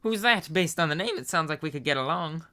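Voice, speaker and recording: A young man voicing a loud, boastful and cheerful skeleton in a fan reading, with a shouty, theatrical delivery. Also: fairly high pitch, animated, a little fast, no room sound, pitched above the performer's own voice. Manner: shouty, theatrical, self-assured. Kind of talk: fan voice reading of a game character.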